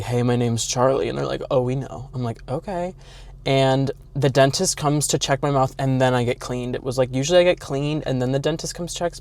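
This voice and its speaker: A man's voice: medium pitch, a little mellow. A young man vlogging from his car, telling stories in a chatty, dramatic, campy way. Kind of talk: casual storytelling vlog.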